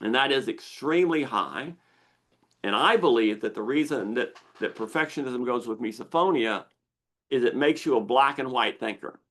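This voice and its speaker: A man's voice: mid-range voice, expressive, normal speed, fairly bright tone. A man, a therapist hosting a Q&A, explaining in plain talk and often repeating phrases for emphasis. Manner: repeats phrases, acts out quotes.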